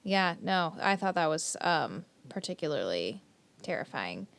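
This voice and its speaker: Gravelly, smooth-voiced woman podcaster. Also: deep voice, sing-song, unhurried, fairly bright tone. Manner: casual, lots of filler and swearing. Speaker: podcast co-host. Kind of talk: casual chat, retelling a story.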